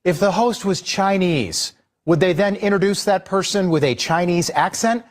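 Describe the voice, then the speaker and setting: A man of Irish heritage, working as a news commentator, delivers exasperated opinion commentary in a scolding manner. His voice sits high and moves at a moderate pace.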